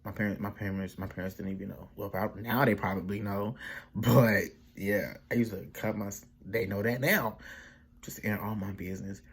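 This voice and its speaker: A young man with a low, gravelly voice tells a personal story in a loose, rambling way. He leans on slang and restarts, and switches into other voices whenever he quotes his family. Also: steady tone, normal speed. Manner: slips into voices when quoting family. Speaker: vlogger. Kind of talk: casual storytime vlog.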